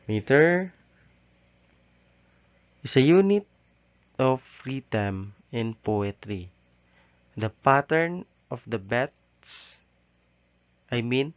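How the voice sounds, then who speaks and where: A male teacher giving a recorded lesson, halting often with "okay" and "so". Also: medium pitch. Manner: slow, halting delivery with frequent "okay" and "so". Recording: dull, lo-fi recording.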